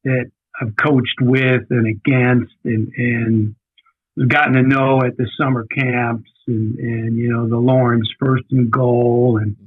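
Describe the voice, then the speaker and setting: A man's voice: medium pitch, level tone, slow, husky. A man in his sixties, a guest coach, telling his career story in a rambling, conversational way, repeating words as he recalls. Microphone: phone call. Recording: tinny phone line.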